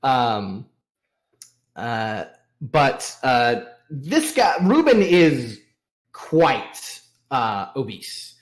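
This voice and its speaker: A man running a tabletop game as narrator, describing characters at a slow, unhurried pace. He hesitates often, with lots of filler sounds between phrases. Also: medium pitch, sing-song. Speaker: game master.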